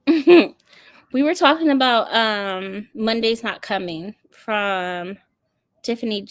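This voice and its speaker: A woman's voice: mid-range voice, slow pace, no room sound, studio quality. A woman hosting a book channel, chatting casually and animatedly with frequent laughter. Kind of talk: casual livestream chat.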